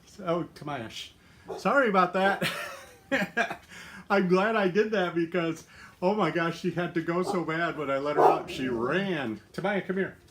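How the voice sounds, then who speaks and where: A man's voice: fairly high pitch, unhurried, noisy background. A middle-aged man hosting a casual live stream from his home, chatty and upbeat, laughing often and using plenty of fillers. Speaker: lifestyle livestream host.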